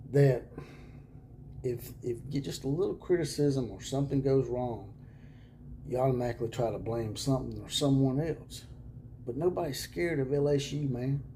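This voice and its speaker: A man hosts a college football video channel from a room at home. His voice sits at an ordinary pitch with a dark, mellow tone, and a faint hiss of background noise runs under it. He talks sarcastically, chuckling and sliding into hushed mock-whispers. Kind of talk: casual sarcastic video monologue.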